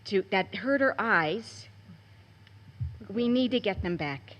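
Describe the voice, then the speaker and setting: A woman's voice: medium pitch, animated, slow pace, fairly bright tone, dull audio. A woman in her forties, a parent and educator, giving an emotional, pleading public comment at a school board meeting.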